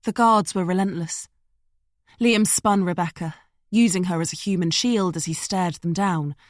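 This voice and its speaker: A woman reading a suspense audiobook in steady, tense narration. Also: lowish voice, normal speed, dry recording, studio quality.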